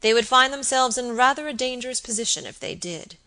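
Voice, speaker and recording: A woman's voice: a little high, a little fast, bright, forceful tone, voice pushed up. A woman reading the part of a fond, anxious elderly baronet, with earnest, affectionate pleading. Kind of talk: audiobook character reading.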